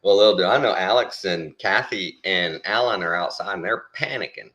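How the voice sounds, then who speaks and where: This is a middle-aged man with a very low voice and a crisp, bright edge to it. He tells a story in relaxed, casual chat. When he quotes other people, he jumps up into high, animated voices. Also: normal speed, highs cut off.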